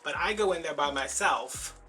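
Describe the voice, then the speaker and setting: While working on a craft, a man with a slightly high, sharp voice talks at normal speed, with faint music in the background. This crafting vlogger tells chatty stories, acting out the quoted voices of the people in them.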